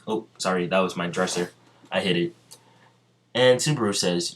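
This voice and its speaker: A man improvising a fan-fiction story aloud, halting and full of ums and restarts, his throat sounding strained. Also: sits low, a bit bright.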